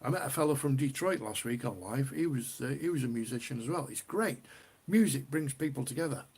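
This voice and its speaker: A northern English man hosts a laid-back livestream in a medium-pitched voice that's expressive, brisk, a little mellow and husky. He banters with viewers, reads out their comments and laughs frequently.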